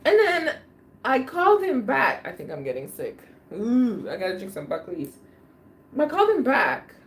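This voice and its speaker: A woman's voice: fairly high pitch, huge pitch swings, moderate pace, a little hiss or hum. A woman hosting a livestream, telling a personal story in casual slang and laughing often. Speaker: livestream host.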